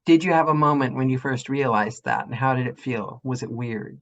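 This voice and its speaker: A woman's voice: very deep voice, brisk, muffled recording. A woman from England hosting an interview, asking curious questions in a friendly, laughing way. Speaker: podcast host. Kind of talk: casual interview chat.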